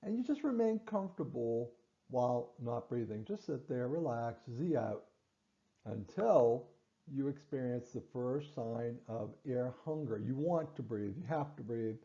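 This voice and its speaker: Man, clinician-teacher, gravelly, mellow tone, dull lo-fi recording, stresses points over and over. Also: medium pitch, lively intonation, a little slow. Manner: repeats and stresses key points, with fillers and restarts. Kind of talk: instructional explanation.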